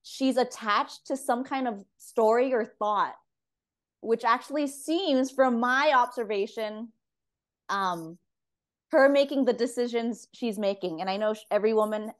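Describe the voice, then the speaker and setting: A woman's voice: on the high side, normal speed. A woman hosting a podcast, responding in casual chat, reflective and thinking aloud. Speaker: podcast host.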